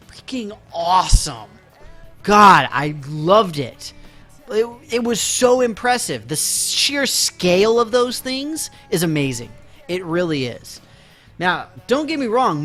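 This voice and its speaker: A man chats his way through a live game stream, rambling, laughing often and playfully acting offended at his viewers. His voice sits high and sounds bright and forceful. Faint game music plays underneath. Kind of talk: casual live-stream chat.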